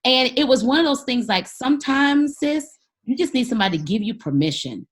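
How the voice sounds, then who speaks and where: Husky-voiced woman telling a story on a podcast, pitch all over the place, repeats her big lines like a preacher. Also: lively intonation, brisk. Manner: acts out the voices in her stories, motivational; preacher-like repetition of key phrases. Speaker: podcast guest, storyteller and speaker. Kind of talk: animated personal storytelling.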